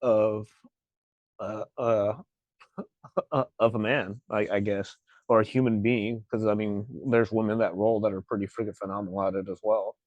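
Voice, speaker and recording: A man's voice: fairly low pitch, level tone, normal speed, a little mellow, no echo, highs cut off. A man co-hosting a podcast, speaking in a reflective, hesitant way and searching for his words. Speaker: podcast co-host. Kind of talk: casual chat.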